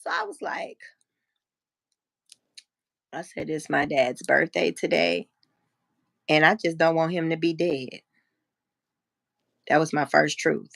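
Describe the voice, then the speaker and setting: A woman in her fifties tells a personal story on her live stream, blunt and salty, acting out each side of a conversation. Her voice sits low with a gravelly edge, and the sound is close and dry with no room around it. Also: unhurried, pauses often, no echo. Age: 50s. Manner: frank, profane, animated storyteller who acts out quotes. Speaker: livestream host. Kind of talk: casual storytelling chat.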